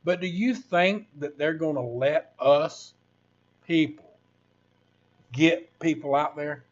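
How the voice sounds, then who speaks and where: A man's voice: on the high side, slow pace, muffled recording. A man, ranting casually to viewers on his livestream in a rambling, preachy way. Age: 60s. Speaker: livestream host.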